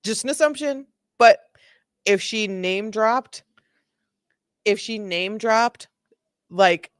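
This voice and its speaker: A woman's voice: medium pitch, takes it slowly, long pauses, clear, resonant tone, no room sound. Brief: young woman host, casual sarcastic commentary, filler-heavy, dry close sound. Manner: chatty, sarcastic, many "like" fillers. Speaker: reaction video host. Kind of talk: casual commentary over bodycam footage.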